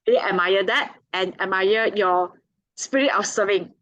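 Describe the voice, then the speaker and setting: A woman's voice: mid-range voice, a little slow, fairly bright tone, no room sound, low-quality recording. Chatty woman giving club evaluations. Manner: complimentary, chatty, fills gaps with "like". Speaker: general evaluator at a speaking club. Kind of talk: meeting evaluation speech.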